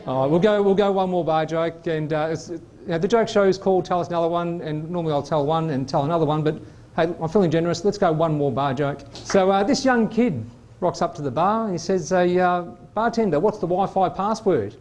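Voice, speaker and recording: A man hosting a comedy show, telling quick bar jokes and laughing at them. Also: a little high, a little mellow. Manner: jokey, chatty, laughs at his own jokes. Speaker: host. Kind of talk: stand-up joke telling.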